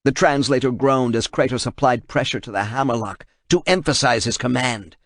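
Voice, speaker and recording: A man reading an action novel aloud in steady, measured audiobook narration. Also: medium pitch, no echo, clean studio sound.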